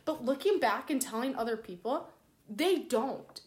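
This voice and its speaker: A young woman's voice, on the high side and at a moderate pace, carries an animated, embarrassing story told casually. She swears a lot and acts out what she said.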